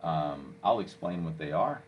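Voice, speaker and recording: A man walking a listener through software step by step, coaching and checking in with "okay?" as he goes. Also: a bass voice, expressive, measured pace, lo-fi sound, slight background noise. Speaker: software instructor. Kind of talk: screen-recorded software tutorial.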